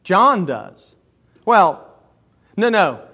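A man preaching a sermon as a pastor in a church. He shifts between casual asides, personal stories and slower, louder scripture reading. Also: high voice, very animated, husky. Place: church sanctuary.

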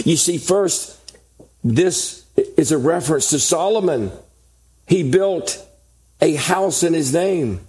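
A man's voice: a little high, animated, slow, a little mellow, slightly rough. A man preaching a sermon, reading scripture and building emphatic lists. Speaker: pastor.

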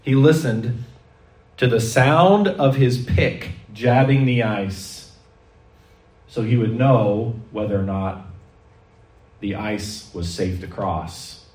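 A man preaching a sermon, telling stories in a lively way and acting out the voices he quotes. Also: medium pitch, takes it slowly, long pauses. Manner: animated storytelling preacher, acts out quoted voices. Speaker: pastor. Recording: echoey hall, mic at a distance.

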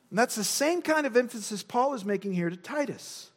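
High-voiced male preacher, emphatic. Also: sing-song, normal speed, hardly any pauses. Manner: emphatic, repeats key words for stress. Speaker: pastor. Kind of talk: expository sermon.

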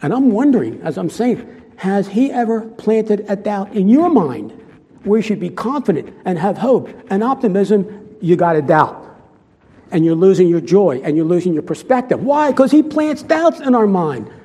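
A man's voice: sits high, sing-song, moderate pace, dark tone, breathy edge. A man preaching a sermon with earnest emphasis, often repeating phrases for stress. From United States. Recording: long hall reverb.

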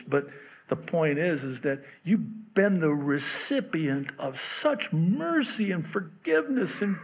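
A man's voice: high voice, vocal fry. Joking conversational male pastor. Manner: conversational and joking, acts out quotes. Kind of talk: sermon.

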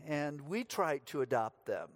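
A man's voice: a little high, animated, measured pace. A middle-aged man from the United States, preaching a sermon as pastor, telling stories with dry humor.

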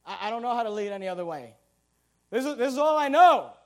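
A man's voice: very high voice, big pitch swings, fast talker, heavily acted. A man voicing a weary preacher who stammers and sounds resigned, within a sermon.

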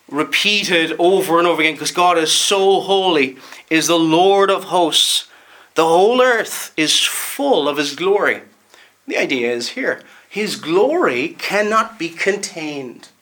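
A man with a Northern Irish accent preaching a sermon in an earnest, emphatic way, slowing down to stress key words. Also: a little high, sharp tone.

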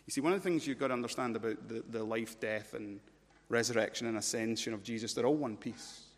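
A man preaching a sermon, emphatic, swinging between loud urgency and low intensity and repeating words as he builds a point. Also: fast. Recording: long church-hall reverb.

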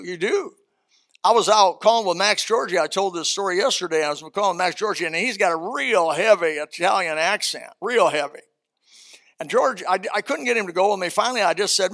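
A man's voice: high voice, expressive, a little fast, a bit bright. An older man preaching a sermon as a pastor, reading scripture and telling folksy stories.

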